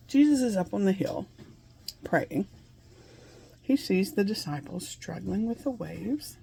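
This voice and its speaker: Gravelly-voiced woman teaching scripture. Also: mid-range voice, mellow. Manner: earnest, laughs between points; speaks to listeners with questions. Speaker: Bible teacher. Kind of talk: conversational Bible teaching.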